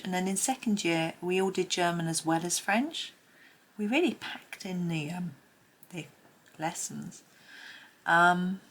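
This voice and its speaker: Low, gravelly woman tutor. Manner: soft-spoken, often half-whispering, chatty with small laughs. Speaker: colouring tutor. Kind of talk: casual narrated drawing tutorial.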